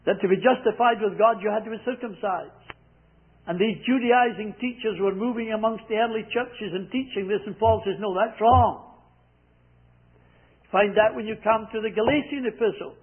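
A man preaching a sermon, repeating scripture lines slowly and with emphasis. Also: high-pitched, breathy edge. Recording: tinny phone-like sound.

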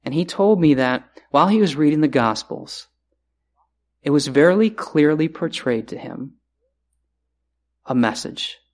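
A man preaching a sermon, earnest, repeating key phrases and swinging between raised and hushed delivery. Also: medium pitch.

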